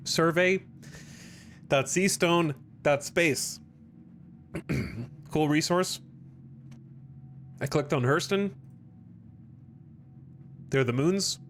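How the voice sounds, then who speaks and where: Slow-talking man streaming a game. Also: a little high. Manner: talks to chat while playing, with frequent throat clearing. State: choking and coughing. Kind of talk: live gameplay commentary.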